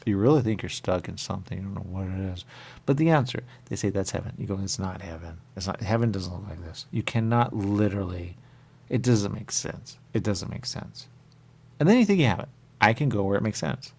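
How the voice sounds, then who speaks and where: Rambling low gravelly man. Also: brisk, darkish tone. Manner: rambling and repetitive, drifting between whispers and sudden high exclamations. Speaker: radio host. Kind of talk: rambling monologue.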